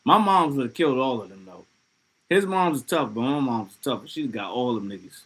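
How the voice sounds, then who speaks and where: A man hosting a casual livestream, talking loosely and excitably with plenty of profanity as he reads out chat messages. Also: mid-range voice, moderate pace, husky, rough recording. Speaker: livestream host.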